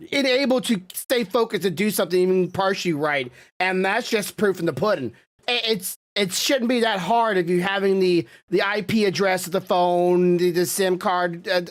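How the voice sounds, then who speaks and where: A woman co-hosting a podcast in casual chat, rambling with halting restarts and mild swearing. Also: on the low side. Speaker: podcast co-host.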